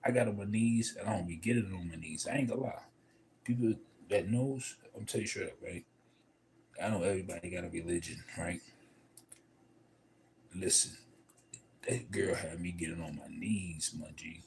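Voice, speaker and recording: A man in a casual livestream monologue, telling a story in a profane, emphatic and rambling way. He swings between loud outbursts and low mutters. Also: a little hiss or hum, rough recording. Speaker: livestream host.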